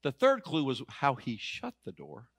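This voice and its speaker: Animated preacher man telling stories. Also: medium pitch, normal speed, gravelly, breathy edge, no room sound. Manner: animated, humorous, emphatic storytelling. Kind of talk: storytelling sermon. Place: auditorium.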